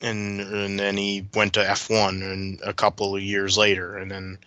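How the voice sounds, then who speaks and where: A man's voice: lowish voice, completely flat delivery, normal speed, pushed and bright, no room sound. A man as a podcast guest, rambling through detailed motorsport recollections with frequent restarts in casual chat.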